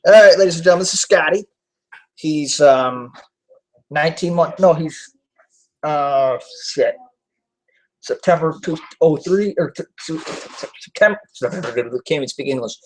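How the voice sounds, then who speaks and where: A man's voice: on the high side, a little slow, low-quality recording. A young adult man hosting a live online talk show, chatting casually and loosely with lots of fillers, self-corrections and casual swearing. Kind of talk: casual rambling chat.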